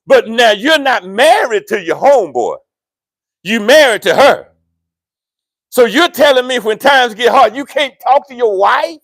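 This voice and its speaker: A male pastor, preaching a sermon in a church with animated, playful asides to the congregation. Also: extremely high pitch, measured pace, creaky, no echo, clean studio sound. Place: church sanctuary.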